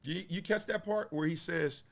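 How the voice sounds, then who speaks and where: A man, giving playful, animated casual commentary on sports media. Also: on the high side, normal speed, gravelly. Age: 40s. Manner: animated, playful, acts out quotes in voices.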